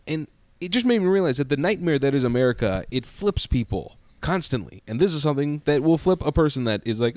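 A man's voice: mid-range voice, animated, quick pace, hardly any pauses, darkish tone, no echo. A man co-hosting a podcast in casual chat, telling stories in a chatty way. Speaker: podcast co-host.

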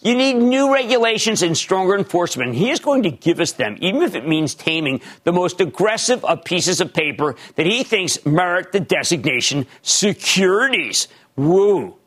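A man hosting a television stock market show, talking in loud, theatrical bursts and often shouting. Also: high voice, big pitch swings, normal speed, hardly any pauses. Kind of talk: fast, theatrical market commentary. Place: TV studio.

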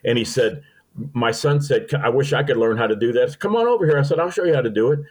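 A man's voice: medium pitch, fast, a little mellow, low-quality recording. An older man from Missouri, a guest telling folksy, sentimental stories in an interview. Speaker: podcast guest. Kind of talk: storytelling interview.

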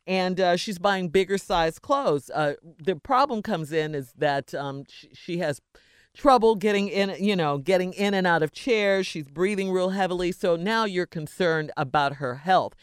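A woman's voice: lowish voice, lively intonation, a little slow, clean tone, dry recording, studio quality. A woman co-hosting a radio show, summarizing a listener's letter and giving frank, matter-of-fact advice.

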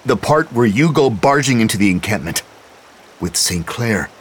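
A man's voice: fairly low pitch, animated, moderate pace, a little hiss or hum, pitched above the performer's own voice, lightly acted. A man voicing a protective, controlling man in an audio drama, pleading and scolding. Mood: heated.

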